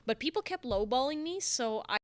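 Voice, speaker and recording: A woman's voice: high-pitched, expressive, brisk. Chatty young woman live-streaming. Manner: rambling, talks to herself while working, answers chat. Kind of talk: casual live-stream chat. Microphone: desktop microphone.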